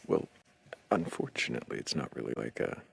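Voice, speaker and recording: A man hosting a livestream, talking casually with a dry, teasing manner and calm explanations. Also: a little fast. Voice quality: very deep, gravelly and husky. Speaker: livestream host.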